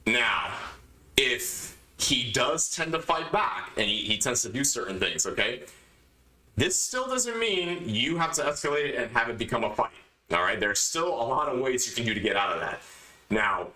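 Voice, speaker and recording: Guy on a podcast laying down advice, bright forceful voice, kinda echoey room. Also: medium pitch. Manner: assertive, emphatic, lecturing. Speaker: podcast host. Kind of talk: casual advice monologue.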